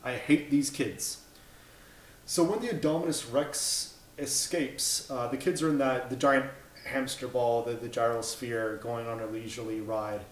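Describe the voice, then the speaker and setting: A man in his thirties tears into a film in a blunt, exasperated rant, tripping over his words and swearing as he goes. His voice sits at an ordinary middle pitch, and the room around him rings with echo. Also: fairly even intonation, unhurried. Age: 30s. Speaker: movie reviewer. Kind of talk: opinionated movie review rant. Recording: echoey room.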